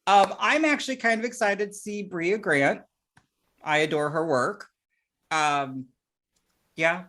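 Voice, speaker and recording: A woman's voice: lowish voice, slow, a bit bright. A woman co-hosting a horror podcast, chatting casually with bubbly, self-deprecating asides. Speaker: podcast co-host. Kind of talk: casual interview chat.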